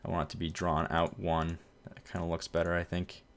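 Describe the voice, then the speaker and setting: A gameplay host with a deep voice talks a little fast over his city-building game. His let's-play chatter is relaxed and meandering, and he keeps correcting himself.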